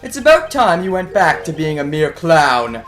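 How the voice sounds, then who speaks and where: A man's voice: fairly high pitch, very animated, normal speed, fairly bright tone, soft background music. A man doing a cool, cutting prosecutor. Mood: scornful.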